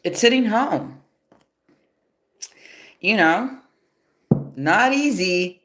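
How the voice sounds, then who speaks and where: A woman with a mid-range, fairly bright voice speaks in an animated way, drawing out her words, her voice nasal and stuffy from allergies. She's a tarot reader giving a casual livestream reading from home after yoga, recorded on her phone, easygoing, swearing casually and chuckling often.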